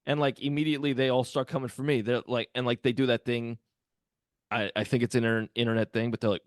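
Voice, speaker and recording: A man co-hosting a comedy podcast, telling animated stories in casual chat and swearing freely. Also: medium pitch, fast, no room sound, studio quality.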